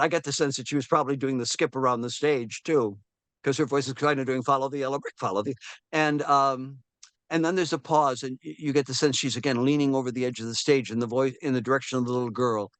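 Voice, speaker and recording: This is an elderly film historian, in his seventies, speaking fast with a medium-pitched voice and no echo. Being interviewed casually, he tells stories with animation, acting out quoted voices, frequently restarting and filling pauses.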